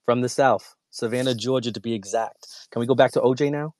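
Man from New York, fast-talking guest, methodical arguer, dry close mic. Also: mid-range voice, darkish tone, no room sound. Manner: interrupts with repeated "hold on", argues methodically. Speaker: debate guest. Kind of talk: heated debate.

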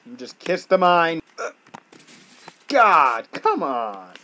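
A man doing gameplay commentary as a gaming YouTuber, swinging between yelling at the game and muttering to himself. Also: a little high, big pitch swings, drawn-out words, rough recording.

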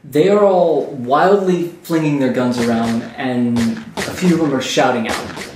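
A man as game master, narrating a tabletop game calmly, with fillers. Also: medium pitch, a little slow, slight background noise. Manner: calm descriptive narration with fillers. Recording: echoey room, mic at a distance.

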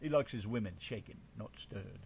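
A man's voice: fairly low pitch, moderate pace, gravelly, darkish tone, slight background noise. An American man co-hosting a casual radio show, joking, swearing freely and hamming up a mock British voice.

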